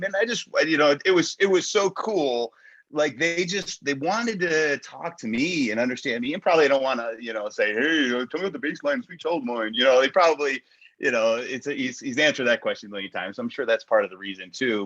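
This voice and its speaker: A man talks through a story in a loose, rambling way, full of "like" and "you know", excited and a little sheepish about himself. His voice comes through dull and lo-fi, with the top end dulled. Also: medium pitch, a little fast. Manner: rambling, excited, self-deprecating with many fillers. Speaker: guest caller. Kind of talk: casual storytelling chat. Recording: dull lo-fi sound.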